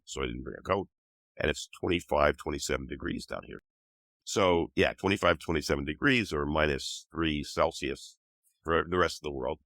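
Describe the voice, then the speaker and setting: A man's voice: extremely low pitch, fairly quick, fairly bright tone, no echo. An older man with a cold, patiently explaining ideas as a guest author in an interview. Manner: patient, teaching tone. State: has a cold.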